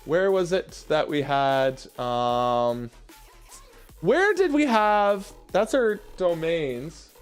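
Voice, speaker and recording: A man's voice: fairly high pitch, very animated, drawn-out words, smooth, faint music behind. Hyped young man streaming from home. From Canada. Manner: hyped, talks to chat, calls viewers baby and y'all. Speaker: livestream host. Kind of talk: casual livestream chat. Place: home basement room.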